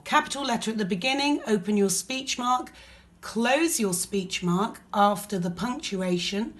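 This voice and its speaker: A woman teacher with an English accent, explaining a lesson patiently step by step. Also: medium pitch. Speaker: primary school teacher.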